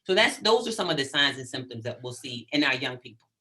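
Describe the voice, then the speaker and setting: A middle-aged woman, a psychologist guest in an interview, talking in an animated, emphatic way and checking in often with "right?". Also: a bass voice, fast. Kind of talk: conversational interview.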